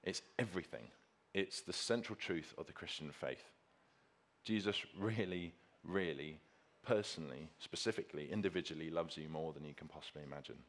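A man's voice: extremely low pitch, fairly quick. A man preaching a sermon with slides, earnest and emphatic, repeating key phrases for stress.

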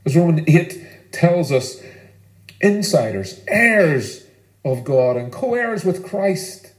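A man preaching a sermon in an earnest, emphatic way, leaning on pauses for weight. His voice sits a little higher than most men's. The sound carries a roomy echo. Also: big pitch swings. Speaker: pastor.

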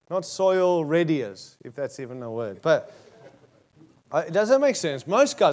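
A man with an Australian accent preaches in a high voice. He is emphatic and drives his points home with short, repeated phrases. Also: sing-song, measured pace, darkish tone. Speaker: pastor. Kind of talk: sermon.

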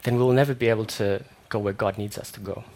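A young man preaching a sermon in a conversational way, with fillers and animated stories. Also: fairly low pitch, fast.

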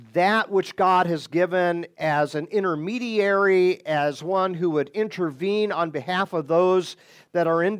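A man with a notably high voice walks listeners through a Bible passage. He takes his time, speaking in a measured, deliberate way, then leans hard into key words. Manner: deliberate, with bursts of emphasis. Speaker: Bible teacher.

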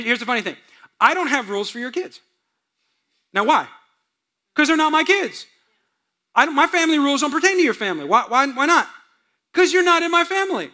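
High-voiced bright pastor preaching. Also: male voice. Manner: storytelling, acts out quotes, laughs with the audience. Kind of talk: sermon.

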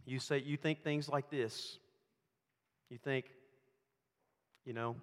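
A man preaching a sermon, swinging between loud emphatic lines and hushed, quiet storytelling. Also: mid-range voice, fairly even intonation, takes it slowly, long pauses. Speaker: pastor. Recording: long hall reverb.

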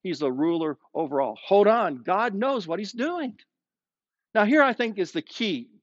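A male pastor preaching a streamed sermon, slowing down and dropping his voice low to stress key words. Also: no room sound, muffled recording. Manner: expressive preaching, slows down and drops low for emphasis. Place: streamed sermon with online chat.

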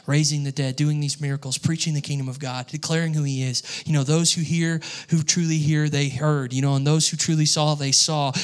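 Young guy preaching, kinda high voice, tells stories and gets worked up. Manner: storytelling, grows excited and loud when acting out scenes. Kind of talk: sermon.

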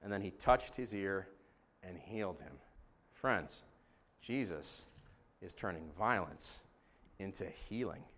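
A male pastor preaching a sermon to his congregation, dramatic and shifting between hushed, quiet stretches and loud, shouted passages. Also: sits low, animated, slow, long pauses.

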